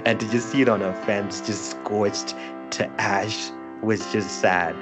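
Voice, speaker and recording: A man's voice: on the low side, fairly even intonation, a little slow, music in the background. A man co-hosting a casual podcast chat, laid-back and laughing often. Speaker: podcast co-host.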